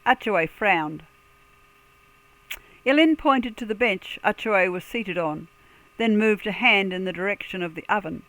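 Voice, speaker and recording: A narrator reading a fantasy audiobook in a measured, careful way, lifting into a lilting, sing-song pitch for invented words. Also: lively intonation, a bit bright, no room sound, rough recording.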